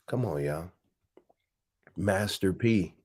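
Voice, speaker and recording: Animated, swearing male host. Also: low-pitched, slow, slightly rough. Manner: animated, profane, bursting into laughter. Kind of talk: casual chat with a rapped verse.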